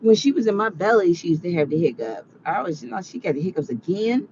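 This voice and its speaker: A woman's voice: fairly low pitch, animated, quick pace, darkish tone, muffled recording, a little hiss or hum. A tired woman vlogging to her viewers in a rambling, chatty monologue. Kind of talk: casual monologue.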